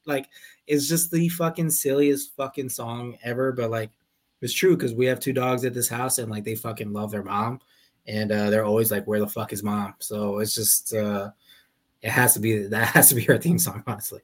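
A man co-hosting a podcast in relaxed casual chat, swearing and laughing often. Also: mid-range voice, moderate pace. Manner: laid-back, swears freely, laughs. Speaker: podcast co-host.

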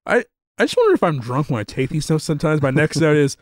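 A man's voice: fairly high pitch, very animated, fast talker, dry recording, studio quality. A man as a podcast guest, chatting about a movie in a jokey, rambling, self-mocking way. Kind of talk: casual movie chat.

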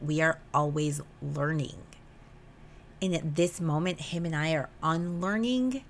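Brief: young woman host, lowish voice, emotional confessional monologue, salty language, faint background hum. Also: creaky. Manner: emotional, swears freely, animated retelling. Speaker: podcast host. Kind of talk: candid personal podcast monologue.

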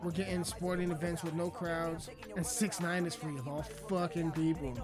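A high-pitched man rants straight into the camera, swearing hard and mocking his target. His delivery is aggressive and loose, with music playing clearly behind him. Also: little pitch movement, normal speed. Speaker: rapper. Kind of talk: profane ranting monologue.

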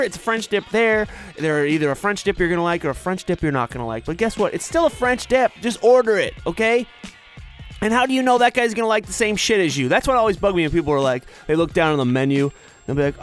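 A young man with a high, light voice rants through a comedy podcast episode. He swears freely and sounds exasperated, slipping into quick impressions of the people he mocks. Faint music sits under his voice. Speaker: podcast host. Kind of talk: comedic rant.

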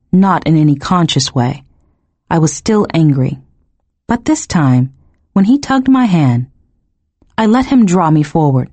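A woman narrating a first-person novel in an expressive, emotionally engaged reading. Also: low-pitched, measured pace, pauses often, husky, no echo. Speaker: audiobook narrator.

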